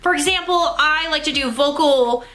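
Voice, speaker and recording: A young woman with a high, bright voice talks to camera about auditioning. She is upbeat and emphatic, stressing each tip like a coach in a casual vlog. Her voice has a crisp, lively edge. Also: normal speed. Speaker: theatre YouTuber giving audition tips.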